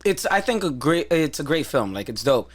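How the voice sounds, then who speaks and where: A man hosting a podcast interview, talking in a loose, profane, animated way. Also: on the high side, normal speed. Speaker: podcast host. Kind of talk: casual interview chat.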